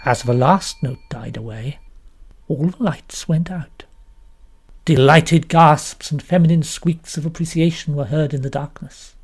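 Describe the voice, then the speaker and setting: A woman from London with a British accent, narrating an audiobook in an expressive, lively storytelling manner. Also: low voice, measured pace, husky. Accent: British English. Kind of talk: scripted narration.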